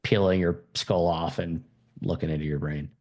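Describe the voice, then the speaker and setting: Chill guy hosting a podcast, real low voice, rushes his questions, laughs a lot. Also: fairly even intonation, a little mellow. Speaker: podcast host. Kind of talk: casual chat.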